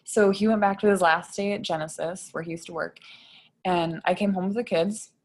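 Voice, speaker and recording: Woman, 30s, lower-pitched voice, podcast guest, emotional personal story, lots of "like" fillers. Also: fairly even intonation. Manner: frequent "like" fillers, rushed retelling.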